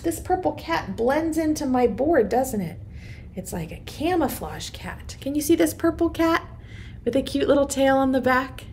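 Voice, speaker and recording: A young woman teaching preschoolers in an online circle time, chanting a picture-book rhyme in a sing-song way. Her voice sits a little high and she takes it slowly, stretching each line out for small children. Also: sing-song, a little mellow.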